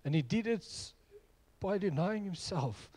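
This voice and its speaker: A man's voice: high-pitched, lively intonation, unhurried, darkish tone. A middle-aged man preaching a sermon, telling personal stories in an earnest way. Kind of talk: sermon with storytelling.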